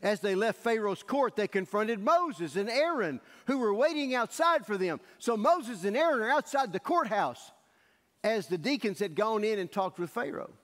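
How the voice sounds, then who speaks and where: A male pastor preaching a sermon in a church sanctuary, telling the story in an animated way and acting out the scenes. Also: high voice, normal speed. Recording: echoey church hall.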